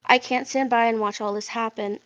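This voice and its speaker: A woman reading out an angry letter from a young woman character, spoken at normal volume rather than shouted. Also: fairly high pitch, fairly even intonation, fairly quick, no echo, dull audio, lightly acted. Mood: stern, threatening. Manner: read aloud at talking volume, not yelled.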